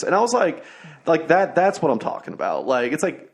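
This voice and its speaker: A young man hosting a laid-back podcast chat. His voice has a gravelly, fry-edged texture, and he rambles through anecdotes with frequent fillers and restarts. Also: medium pitch, big pitch swings, fairly quick. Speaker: podcast host. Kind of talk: casual chat.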